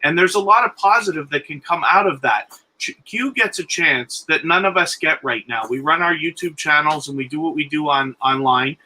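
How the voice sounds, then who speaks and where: Earnest man with a very bright voice. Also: a little high, normal speed, rough recording. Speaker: guest on a live stream. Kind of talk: earnest encouraging talk.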